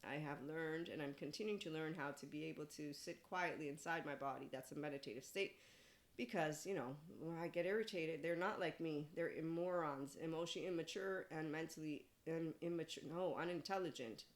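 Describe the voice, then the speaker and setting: A woman in her forties, a podcast host, giving a rambling spiritual monologue in an animated way, laughing often and dropping profane asides. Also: low voice, brisk. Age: 40s.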